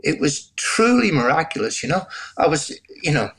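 A man's voice: a little high, sing-song, moderate pace, slight background noise. A man in his sixties from Northern Ireland with a Northern Irish accent, a guest telling his faith story in an interview in a reflective, emotional way. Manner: reflective, gets choked up, laughs softly. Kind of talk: interview testimony.

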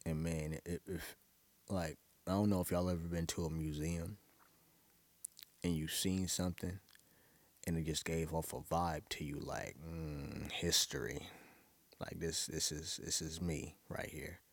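Very deep-voiced New man, casual monologue. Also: little pitch movement, a little slow, no echo. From Brooklyn, New York. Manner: loose, profane, rambling storytelling with frequent laughs.

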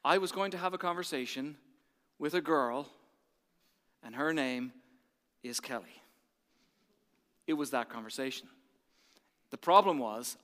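An Irish pastor delivers an animated sermon, his voice high and bright. He drops to a hush and then rises loud again. The sound carries a long reverb from the large church hall. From Ireland. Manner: animated storytelling, swinging from hushed to loud.

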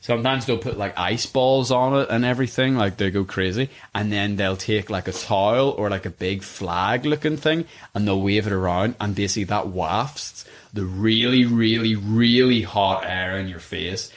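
A man hosting a podcast, chatting casually and telling lively stories with frequent laughter, recorded in a sauna. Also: on the low side, moderate pace, hardly any pauses. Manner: animated storyteller, laughs often. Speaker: podcast host. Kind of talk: casual chat. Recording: echoey sauna room.

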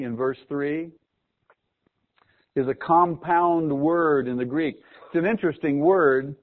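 A man preaching a sermon, asking the congregation questions and repeating key words for emphasis. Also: fairly high pitch. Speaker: pastor. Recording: phone-like narrow sound.

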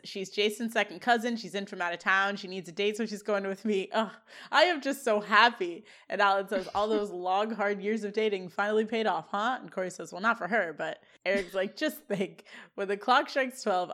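Chatty young woman recapping a sitcom. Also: medium pitch. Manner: animated retelling with quoted lines. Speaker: podcast co-host. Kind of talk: casual recap chat.

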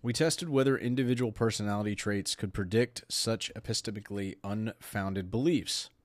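A man's voice: on the low side, moderate pace, no room sound. A man hosting a podcast, talking casually and sarcastically, often laughing while he reads aloud. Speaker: podcast host.

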